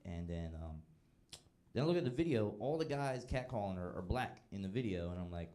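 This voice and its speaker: On stage at a live comedy show with an audience, a man with a lowish, mellow, expressive voice performs stand-up a little fast. His delivery is laid-back, and he acts out the voices he quotes.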